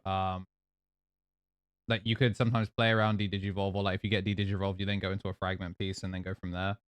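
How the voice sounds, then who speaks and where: A man's voice: deep voice, little pitch movement, fast, smooth, dry recording. A man hosting a casual podcast chat, talking through game strategy in an analytical, laid-back way. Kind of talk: casual podcast chat about card games.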